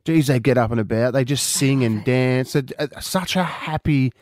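A man's voice: medium pitch, darkish tone, no room sound, clean studio sound. A man co-hosting breakfast radio, a former footballer who teases and jokes in a laddish way. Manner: teasing, laddish, quick jokes. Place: radio studio.

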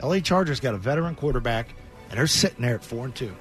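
A man hosting a sports talk show, jokey and quick to react in lively banter. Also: mid-range voice, soft background music.

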